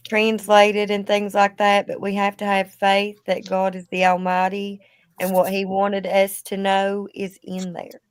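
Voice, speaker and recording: A woman speaking calmly and steadily about faith in a casual podcast chat. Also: mid-range voice, unhurried, clean tone, dry recording. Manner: calm, steady, faith-filled.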